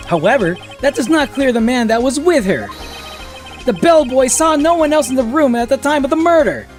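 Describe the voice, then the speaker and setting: A man's voice: extremely high pitch, animated, normal speed, soft background music, pitched above the performer's own voice. A man voicing an earnest young male defense lawyer in a courtroom game, firm and assertive.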